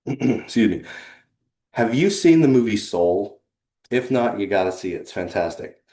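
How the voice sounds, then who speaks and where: A man giving an earnest, conversational presentation on a video call, pausing for effect. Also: on the low side, sing-song, mellow, reverberant. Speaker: leadership consultant and presenter. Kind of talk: presentation to a remote audience.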